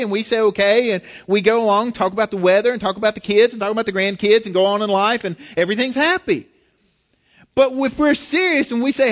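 A man's voice: sits high, fast talker. A man preaching a sermon in an earnest, conversational way, often restarting his sentences. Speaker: pastor.

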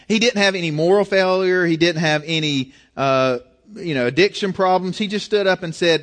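High-voiced man preaching earnestly. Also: moderate pace. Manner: earnest, conversational preaching with many restarts. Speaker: pastor. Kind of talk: sermon.

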